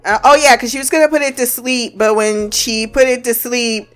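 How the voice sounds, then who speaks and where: A woman's voice: fairly high pitch, fairly even intonation, normal speed, a bit bright, faint music behind. A woman giving a casual recap of a TV episode, blunt and profane with a joking edge.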